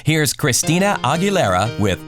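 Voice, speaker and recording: A man hosting a radio countdown show, reading scripted song intros in a smooth announcer delivery. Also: fairly high pitch, big pitch swings, normal speed, music in the background.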